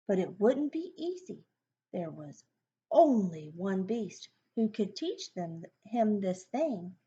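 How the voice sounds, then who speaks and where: A woman reading a rhyming picture book aloud, with a slow, sing-song delivery and chatty asides to her listener. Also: medium pitch, big pitch swings, creaky, mellow, lo-fi sound. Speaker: storybook reader.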